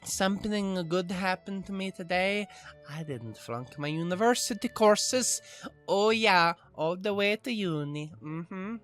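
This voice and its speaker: A man voicing a cheerful, bubbly young woman librarian in an excitable, squealing, sing-song way. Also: sits high, a little slow, soft background music, pitched above the performer's own voice. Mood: excited.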